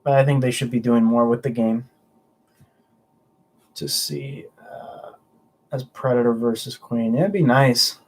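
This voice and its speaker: Unhurried and pausing often, a young man with a mid-range voice hosts a casual livestream. His chatter is loose and rambling as he answers viewer comments, stumbling and restarting frequently.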